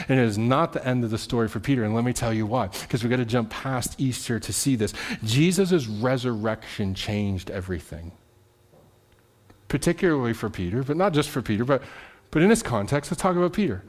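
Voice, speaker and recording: A man's voice: animated, brisk. Man preaching in a chatty storytelling way. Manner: conversational storytelling, often asks "right?"; drops soft and low at solemn moments. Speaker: pastor. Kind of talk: sermon.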